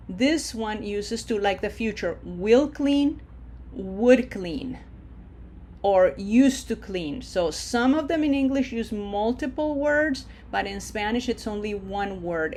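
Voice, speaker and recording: A woman teaching a grammar lesson at a very unhurried pace, stretching out the example words so learners can follow. Her voice sits at a middle pitch. A faint hiss runs under the recording. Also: a little mellow. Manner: slow, careful explanation with drawn-out model words. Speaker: Spanish teacher.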